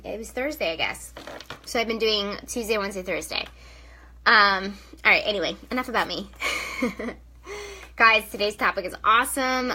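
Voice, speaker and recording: Bright-voiced chatty young woman coach. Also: lowish voice, low-quality recording. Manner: chatty, many "um"s and "right?" tags. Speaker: intuitive and spiritual coach. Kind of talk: casual live-stream talk.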